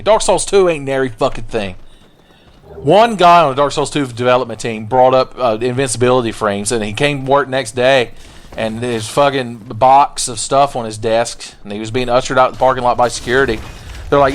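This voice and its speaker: A man's voice: mid-range voice, normal speed. A man giving crude, joking let's-play commentary while gaming, slipping into silly voices for game characters. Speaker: gameplay commentator.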